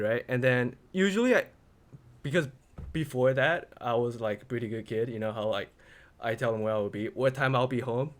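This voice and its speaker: A young man co-hosting a casual student podcast, telling lively stories and acting out what people said. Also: mid-range voice. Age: young adult. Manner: storytelling, animated, acts out quotes. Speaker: podcast co-host. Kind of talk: casual chat.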